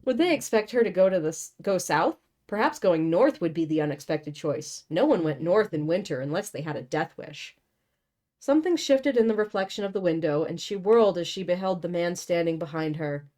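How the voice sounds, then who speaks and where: A young woman reads a novel aloud and keeps stopping to mock it, blunt and sarcastic, with casual swearing. Her voice sits somewhat low. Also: animated, fairly quick, a little mellow. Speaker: host reading a novel aloud. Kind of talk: book reading with sarcastic commentary.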